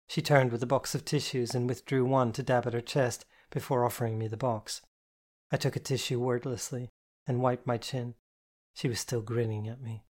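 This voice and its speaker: A man narrating a novel in the first person, with measured, expressive storytelling. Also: medium pitch. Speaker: audiobook narrator.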